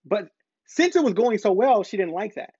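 A man's voice: sits high, big pitch swings, normal speed, darkish tone, slightly rough, no echo, highs cut off. A man telling a personal story to camera in a casual monologue, stressing points by repeating them. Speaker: parent vlogger.

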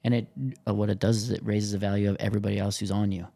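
A man's voice: lowish voice, little pitch movement, racing, creaky, dark tone. A man co-hosting a podcast, chatting casually with a loose, filler-heavy way of talking. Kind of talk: casual chat.

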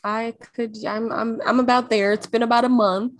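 A woman from Jamaica co-hosting a podcast in casual chat, relaxed and easygoing. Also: a little high, moderate pace, no room sound. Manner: relaxed, easygoing and laughing along. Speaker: podcast co-host.

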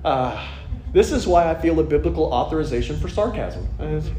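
High-pitched guy preaching, jokey and wry, sounds like a big echoey church. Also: lively intonation, fairly quick, dark tone, slight background noise. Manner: conversational and joking, with wry asides. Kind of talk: sermon. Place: church sanctuary.

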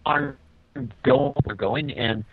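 A man in casual podcast chat, laid-back and agreeable, with a halting delivery. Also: mid-range voice, huge pitch swings. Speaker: podcast co-host. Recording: husky, phone-like sound.

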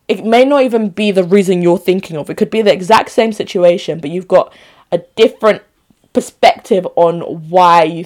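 A woman's voice: on the low side, darkish tone. A woman hosting a solo podcast, chatting casually, laughing often and getting fired up in her opinions. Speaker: podcast host.

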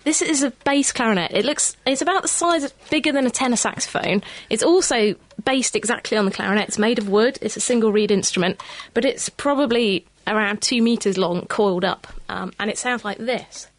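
A woman on a radio science show explains things in a cheerful, plain way. Her voice is fairly high. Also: fairly quick, hardly any pauses. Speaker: studio guest musician.

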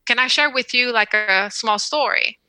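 A woman guest on a podcast interview, telling a personal story in an earnest, measured way and slowing down on the words that matter. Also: a little high, bright, forceful tone, smooth, no room sound, low-quality recording.

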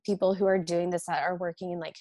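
Pregnant nurse telling stories, dry sound. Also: female voice, lowish voice, fast talker, no echo. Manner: animated storytelling, acting out patients' requests. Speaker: registered nurse guest. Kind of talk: casual chat.

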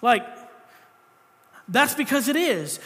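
High bright-voiced pastor in a hall. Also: male voice, sing-song, slow pace. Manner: joking asides, conversational preaching. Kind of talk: sermon.

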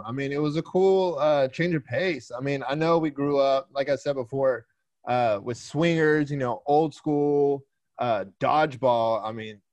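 A man, co-hosting a podcast in easygoing, steady casual chat. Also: medium pitch, no echo. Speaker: podcast co-host.

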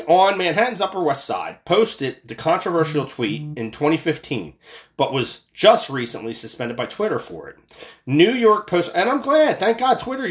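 A man's voice: a little high, a bit bright. A man hosting a casual podcast, ranting about politics in a profane, angry way, with sarcastic outbursts and repeated words when worked up. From United States. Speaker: podcast host.

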